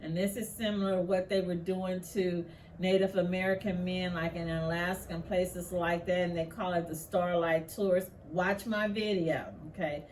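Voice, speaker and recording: A woman's voice: on the low side, fairly even intonation, normal speed, a little mellow, distant mic, slight background noise. A woman hosting casual commentary on news cases, outspoken and passionately indignant. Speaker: commentary channel host.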